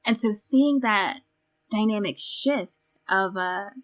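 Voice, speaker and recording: A woman's voice: medium pitch, slow pace. Woman podcast cohost, chatty, acts out movie lines as she talks. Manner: animated, retells scenes with quoted lines. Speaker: podcast co-host. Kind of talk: casual film discussion.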